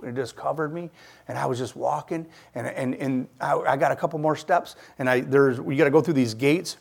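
A man preaching to a congregation as a visiting speaker. He tells a personal story with lots of animation. His voice sinks quiet and then builds up loud. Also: medium pitch, steady tone, fairly quick, creaky, husky. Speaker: guest preacher. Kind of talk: sermon with personal testimony.

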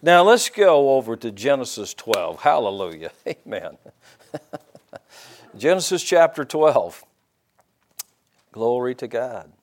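A man's voice: mid-range voice, very animated, takes it slowly, pauses often. A middle-aged man preaching a sermon in a church, folksy and joking, with frequent amens and hallelujahs. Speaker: pastor.

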